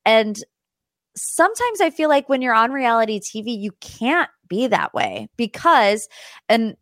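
A woman's voice: fairly high pitch, very animated, measured pace, a bit bright, no echo, clean studio sound. A young woman hosting a podcast, chatting casually about celebrity gossip with lots of "like" and "you guys". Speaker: podcast host.

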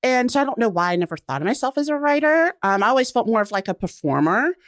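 A young woman talking casually as a podcast guest, expressive and quick to laugh, acting out quotes as she speaks. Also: on the high side, no echo, clean studio sound. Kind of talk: casual interview chat.

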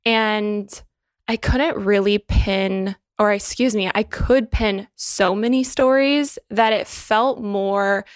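A woman co-hosting a wellness podcast, speaking in an earnest, encouraging way about personal growth. Her voice has a gravelly texture and a mid-range pitch. The sound is dry and close. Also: no room sound. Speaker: podcast co-host. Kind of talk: reflective wellness podcast talk.

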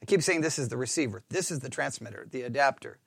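A pastor chatting in a rambling, animated, self-mocking way while testing his lapel mic in a small closed-in room. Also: medium pitch, fast talker, breathy edge, dry recording, clean studio sound. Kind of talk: casual talk while testing a microphone. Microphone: wireless lapel mic with belt-clip transmitter.

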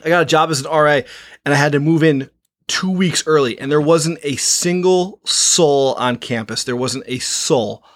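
A young man co-hosting a podcast, telling a story in casual chat, animated, swearing and laughing often. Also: a little high, normal speed, dry recording, clean studio sound. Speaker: podcast co-host.

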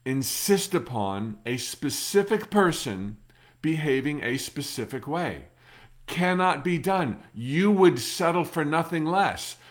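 Man, middle-aged, mid-pitched voice, motivational talk, earnest, reassuring, emphatic, shifts from loud to hushed. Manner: emphatic, swinging between loud bursts and hushed lows; earnest, reassuring, repeats key words. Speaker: motivational speaker.

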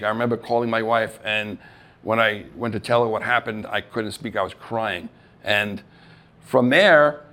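Animated male storyteller recounting his acting career. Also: medium pitch. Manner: animated storyteller who acts out quoted voices and laughs at himself. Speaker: actor telling his story on stage. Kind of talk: storytelling talk. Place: live event stage.

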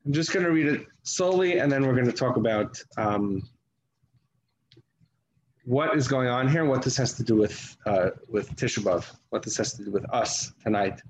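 A man teaching a slow text study. He reads Hebrew verses aloud, then translates them, often halting and restarting. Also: medium pitch. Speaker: Torah teacher. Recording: echoey room with faint noise.

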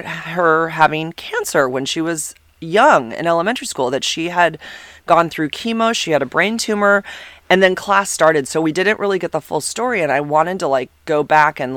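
Animated rambling storyteller, substitute teacher. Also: mid-range voice, normal speed, no room sound. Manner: animated, rambling, many fillers and restarts. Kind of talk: casual personal storytelling.

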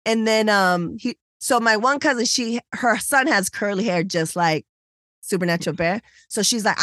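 Woman, podcast co-host, casual storytelling, acts out quotes, mid pitch, dry sound. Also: moderate pace, a bit bright, no echo. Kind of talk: casual chat.

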